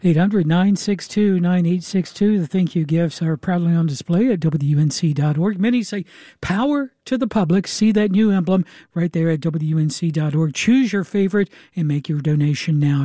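A man hosting a public radio pledge drive, talking briskly and coming back again and again to the call-in number. His voice sits high but mellow, recorded dry in a studio. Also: no room sound. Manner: brisk, repeating the phone number.

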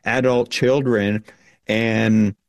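A middle-aged man answers as a guest in an interview, speaking earnestly with frequent fillers. His voice sits at a medium pitch. The recording is dry, with no room sound. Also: steady tone, drawn-out words, creaky, no room sound. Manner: earnest, uses filler words. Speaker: panel guest. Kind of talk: casual remote interview.

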